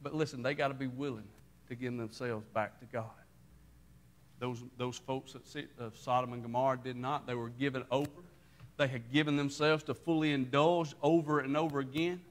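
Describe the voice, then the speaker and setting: A man preaching a sermon as pastor, telling the story with lively acted-out voices. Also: medium pitch, moderate pace. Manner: animated storytelling, acting out voices with rising intensity.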